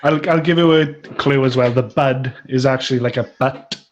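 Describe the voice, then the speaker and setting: A man's voice: mid-range voice, moderate pace, a little hiss or hum. Welsh man, slightly dull audio. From Wales. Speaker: podcast co-host. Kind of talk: casual chat.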